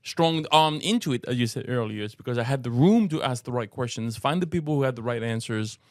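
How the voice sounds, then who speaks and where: A man's voice: mid-range voice, lively intonation, fairly quick, no room sound. French guy in his 60s, chatting on a church podcast, earnest, keeps restarting, dry close sound. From France. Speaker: co-host and apologetics teacher. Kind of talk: casual podcast conversation.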